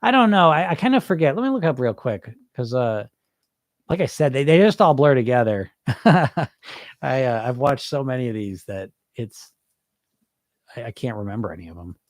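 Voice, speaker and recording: Energetic rambling male coach, dry sound. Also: medium pitch, moderate pace, dry recording. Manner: energetic, rambling, frequent restarts and asides. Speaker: weight loss coach and podcast host. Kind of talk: casual live Q&A talk.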